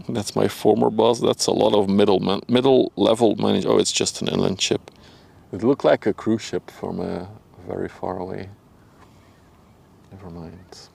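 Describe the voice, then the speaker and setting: Husky and creaky, this lowish male voice moves at a normal speed as a young Dutch-accented streamer chats loosely with viewers from a riverside spot. He keeps things relaxed and talkative, laughing a lot, addressing chat members by name, and lowering his voice at times for the people around him.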